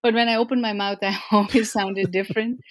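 Woman, from India, interviewee, warm self-deprecating stories, frequent hesitations, middle pitch. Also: steady tone, a little fast, slight background noise. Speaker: interviewee, organization president. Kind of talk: conversational interview answers.

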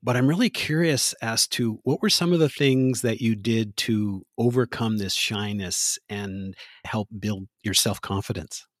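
A man's voice: lowish voice, unhurried, few pauses, dry recording, studio quality. A man interviewing a guest, asking prepared questions with enthusiasm and drawing on her profile. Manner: enthusiastic, reads background from profile.

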